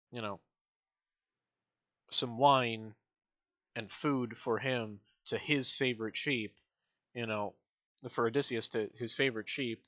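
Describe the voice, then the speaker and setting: A man's voice: mid-range voice, a bit bright, no echo. A man streaming a reaction to a musical, rambling through casual commentary with lots of fillers and acted-out quotes.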